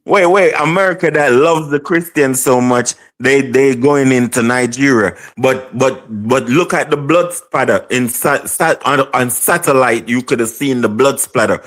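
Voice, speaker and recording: A man's voice: mid-range voice, normal speed, hardly any pauses, fairly bright tone. A man in a heated stream debate who keeps interrupting and swears as he argues. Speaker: debate panelist.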